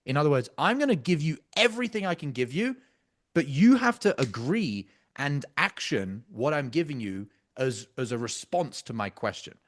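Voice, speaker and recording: A man's voice: fairly high pitch, sing-song, normal speed. A man coaching sales closers, breaking down a practice call in an emphatic, intense way with casual swearing.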